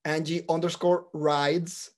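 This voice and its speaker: A Puerto Rican man co-hosting a podcast chats casually and tells animated stories laced with swearing. His voice is slightly high, and he takes his time.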